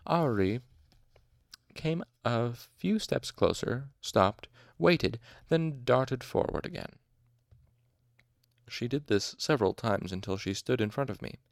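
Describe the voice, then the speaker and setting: A man's voice: mid-range voice, lively intonation, slow, dry recording, clean studio sound. A man reading a novel aloud expressively, with occasional asides and self-corrections. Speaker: audiobook narrator.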